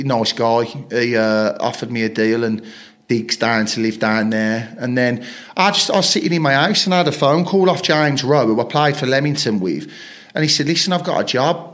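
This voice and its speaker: Chatty man telling stories. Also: mid-range voice. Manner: rambling anecdotes, frequent swearing, acts out quoted lines. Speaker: podcast guest, footballer. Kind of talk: casual storytelling interview.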